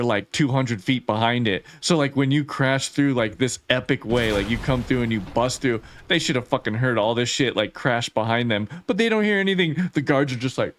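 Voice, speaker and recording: A man hosting a casual gaming live stream, chatty and excitable, laughing often and reading chat messages aloud. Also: mid-range voice, dry recording. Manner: swears casually, lots of "like".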